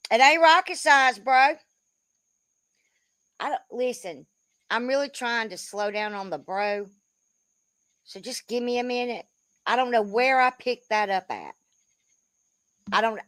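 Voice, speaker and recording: A woman in her fifties rants in a loose, rambling way, swearing freely and tossing in "bro." Her voice is bright and forceful, sitting a little high for a woman, and the recording is close and dry. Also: no room sound. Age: 50s. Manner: blunt, profane, rambling, says "bro" a lot. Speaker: commentary creator. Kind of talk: casual commentary rant.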